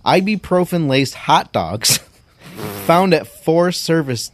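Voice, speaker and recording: A man's voice: on the high side, expressive, slow, dry recording. A man co-hosting a casual podcast, reading out odd news items and laughing at them. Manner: reads news items, giggly. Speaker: podcast co-host. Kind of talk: casual chat.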